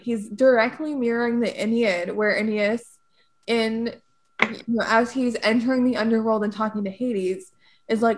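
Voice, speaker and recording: Lively woman explaining a classic poem. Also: a little high, moderate pace. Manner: animated, laughs often, acts out quotes. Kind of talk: casual literary discussion.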